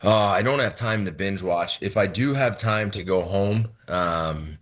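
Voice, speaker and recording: A man's voice: low voice, a little slow, a bit bright. A man in his thirties, a head football coach, explaining his choices in a radio interview and repeating words as he thinks.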